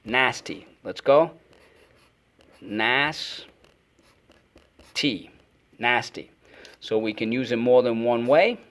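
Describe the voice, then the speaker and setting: A man's voice: medium pitch, measured pace. A man teaching a phonics lesson to children, energetically calling out words and repeating them for the class to echo.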